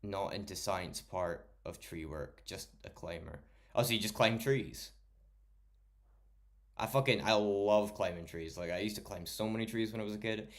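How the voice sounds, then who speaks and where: Low-voiced streamer man, swearing freely. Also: moderate pace. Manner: swears a lot, chatty, talks to chat by name. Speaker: livestreamer. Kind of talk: casual late-night stream chat.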